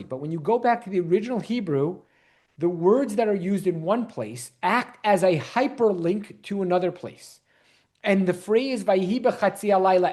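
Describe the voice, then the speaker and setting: A man, a rabbi, teaching an online Bible class and quizzing his listeners. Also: sits high. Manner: animated, quizzes the audience.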